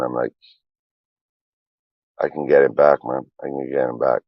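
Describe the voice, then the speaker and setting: A man in his forties talks on a livestream in an extremely low, gravelly voice. He swears a lot and pours out his feelings in a rambling, confessional way. The sound is dry and a little dull. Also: flat delivery, normal speed, dry recording. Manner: profane, emotional and confessional. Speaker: streamer.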